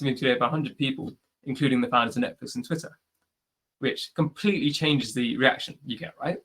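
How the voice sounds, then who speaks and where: A man's voice: mid-range voice, a little fast, fairly bright tone. A British man who hosts a podcast, answering questions on a video call in a chatty, advice-giving way, often adding "like" and "right?". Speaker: podcast host. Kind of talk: live online Q&A answer.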